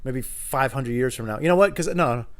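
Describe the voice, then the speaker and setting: A man's voice: mid-range voice, expressive, brisk. A man rambling alone for his podcast at home in the kitchen, casual, profane and self-deprecating. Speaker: podcast host. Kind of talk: solo rambling monologue.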